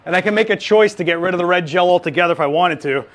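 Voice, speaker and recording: A man running a live photography lighting demo, chatty and joking, with quick asides. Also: high voice, a bit bright. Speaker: photography instructor.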